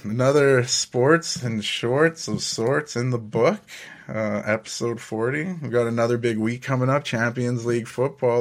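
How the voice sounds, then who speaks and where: A man's voice: mid-range voice, creaky. A man hosting a casual solo podcast, telling stories in a laid-back way, often chuckling and swearing casually. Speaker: podcast host.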